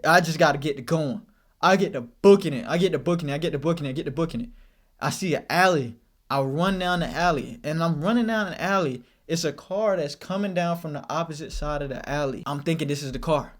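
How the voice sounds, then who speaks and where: A young man vlogger telling a casual story, animated and slang-heavy, often repeating his phrases. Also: on the high side, quick pace.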